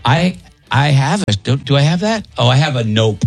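A man's voice: medium pitch, sing-song, normal speed, soft background music. A man hosting a radio morning show, chatting casually in a rambling way with joking asides.

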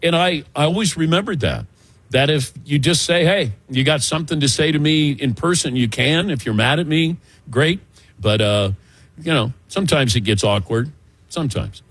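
An older man hosts a sports talk show, his voice husky and swinging widely up and down as he tells stories. He laughs easily, and the sound is close and dry, with no room in it. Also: a little high, normal speed, no room sound. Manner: animated storytelling, laughs often. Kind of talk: casual sports radio chat.

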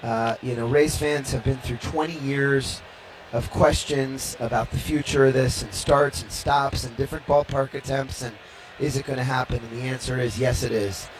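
A man giving an on-air interview at a ballpark as a team executive, slightly out of breath, upbeat and halting with frequent restarts. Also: medium pitch, steady tone, soft background music, poor audio. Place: ballpark during a game.

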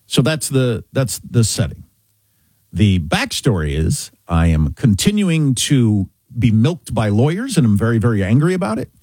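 A middle-aged man from Kansas, a talk-show host, telling a chatty, animated story in a casual way. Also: medium pitch, moderate pace, husky, no room sound. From Kansas, USA.

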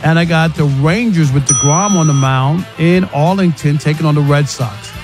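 High-voiced, emphatic sports radio host man. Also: normal speed, over music. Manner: emphatic, argumentative, acts out fans' yelling. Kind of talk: casual sports talk radio.

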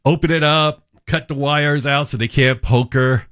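A man in his fifties filling in as a radio talk show host, chatting with callers and telling family stories, jumping up in pitch to act out voices. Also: moderate pace, dry recording, studio quality. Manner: animated storyteller, acts out voices with pitch jumps. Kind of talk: casual radio chat and storytelling. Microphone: studio microphone.

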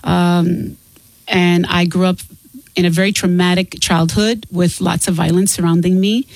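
A woman guest author talking candidly and earnestly in an interview, open and quick to laugh. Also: fairly low pitch, little pitch movement, gravelly, no echo, poor audio.

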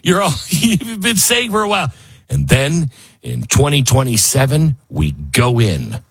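A man hosting casual political commentary, animated and sarcastic, laughing often. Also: mid-range voice, measured pace, gravelly, slightly rough. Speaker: host.

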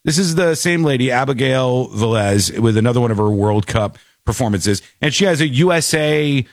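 A man's voice: mid-range voice, animated, moderate pace, no echo, studio quality. A man hosting a talk show, commenting in a mocking, exasperated way. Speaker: show host.

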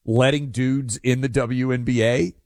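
A man's voice: medium pitch, fairly even intonation, a little slow, darkish tone, no room sound, studio quality. A man hosting a talk radio show, emphatic and sarcastic in casual banter.

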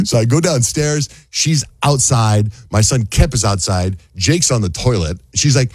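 Husky-voiced man telling an animated story. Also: normal speed, no room sound, studio quality. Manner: animated storyteller, acts out quotes in a high voice. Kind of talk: casual storytelling chat.

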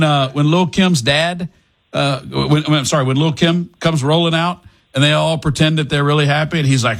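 A man's voice: fairly high pitch, normal speed, creaky. A man hosting a talk radio show, chatting casually and restarting his sentences often. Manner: lively, chatty, self-correcting with frequent restarts.

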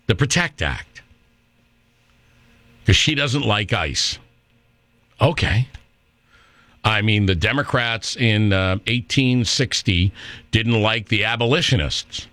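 A man's voice: sits low, fairly bright tone, dry recording. A middle-aged man hosting a political talk radio show, opinionated and rambling, with fillers and restarts.

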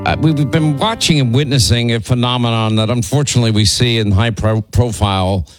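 Male trial commentator, mid pitch, rambling and opinionated, dry close sound. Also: no room sound, poor audio. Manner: rambling, frequent restarts and "you know". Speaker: true-crime commentator. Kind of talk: opinionated talk-show commentary.

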